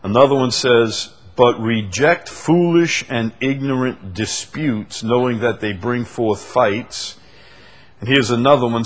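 A man leading a conversational Bible study, reading verses slowly and with weight, then explaining them with easy laughs. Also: mid-range voice. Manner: animated, stresses quoted verses slowly, laughs often. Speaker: Bible teacher.

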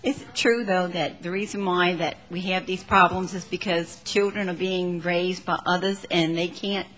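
A woman's voice: lowish voice, fairly even intonation, moderate pace, a bit bright, slight background noise, poor audio. A woman from the congregation asking the preacher a question and sharing a story, chatty with many fillers. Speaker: congregation member.

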